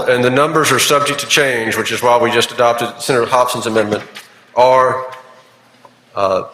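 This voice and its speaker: A senator walks the chamber through his bill, steady and explanatory, pausing with uh's. His voice is bright. It rings in a large echoing chamber with a long tail. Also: medium pitch. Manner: measured, explanatory, with frequent fillers. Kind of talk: legislative floor speech. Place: legislative chamber. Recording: echoey chamber with long reverb.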